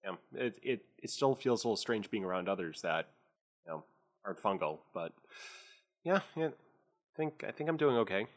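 A man voicing an eager young female fungal alien cadet who talks in a halting, shy way. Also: fairly low pitch, animated.

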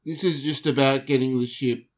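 Male player, ponders out loud, hesitant, casual tabletop game. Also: medium pitch, fairly even intonation, normal speed. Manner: hesitant and thinking aloud. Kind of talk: tabletop role-play.

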